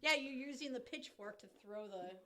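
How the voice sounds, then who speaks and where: A woman co-hosting a casual podcast chat, explaining things at length with many pauses and fillers. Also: a little high, animated, bright, forceful tone. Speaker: podcast co-host.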